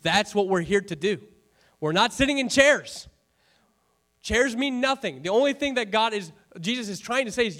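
A high-voiced man preaches to his congregation in a church. He talks in a loose, conversational way and keeps the room involved with rhetorical questions. He drops joking asides as he goes. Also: expressive, moderate pace, a bit bright. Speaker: pastor. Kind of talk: sermon.

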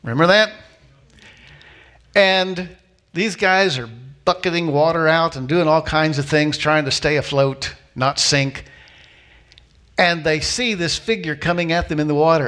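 A man preaching a sermon as a pastor, telling a story with lively acted-out voices and repeating key lines slowly for emphasis. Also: a little high. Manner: animated storytelling, acting out voices of people in the story.

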